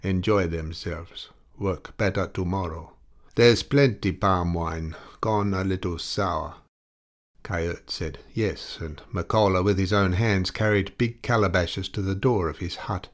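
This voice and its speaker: A man narrating a classic short story as an audiobook, in a measured, deliberate way. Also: sits low. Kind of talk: scripted narration.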